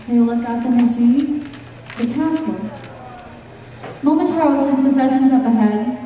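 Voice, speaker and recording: A woman storyteller with a fairly high, mellow voice, telling a folk tale and slipping in dry jokes. She sounds distant from the mic, her voice ringing around a large echoing hall with faint ambience behind. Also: a little hiss or hum. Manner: dry, joking asides to listeners. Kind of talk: storytelling with wry asides. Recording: echoey hall, far from the mic.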